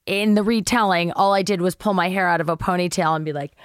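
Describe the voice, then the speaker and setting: A woman's voice: on the low side, normal speed, no echo, clean studio sound. A middle-aged woman, an actress guest on a podcast, telling a casual anecdote and acting out the voices of the people in it, with some swearing. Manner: animated storyteller acting out quotes, swears casually.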